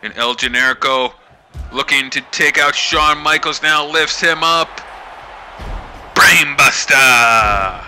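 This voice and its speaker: A man doing excited play-by-play wrestling commentary as host of his channel, building up to shouts at the big moments. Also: a little high, takes it slowly, a little hiss or hum.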